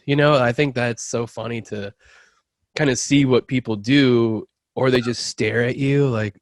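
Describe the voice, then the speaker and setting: A man's voice: medium pitch, steady tone, dry recording. Easygoing male podcast host, dry sound. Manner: easygoing, quick to laugh along. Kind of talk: casual chat.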